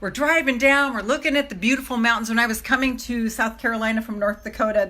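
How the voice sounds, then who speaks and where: A middle-aged woman giving a motivational self-love talk to a live audience, emphatic, swinging from hushed asides to loud exclamations and swearing freely. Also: a little high, normal speed. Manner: swears freely, laughs between phrases.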